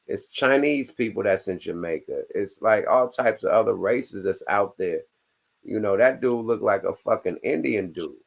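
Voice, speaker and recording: A man's voice: lowish voice, expressive, moderate pace, vocal fry. A man hosting a casual podcast chat, talking bluntly with plenty of profanity and laughing asides. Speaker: podcast host.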